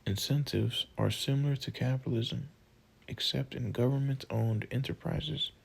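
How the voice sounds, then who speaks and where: Male textbook audiobook narrator, measured delivery, heavy vocal fry, husky tone. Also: mid-range voice, poor audio. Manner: slow, measured reading of list items.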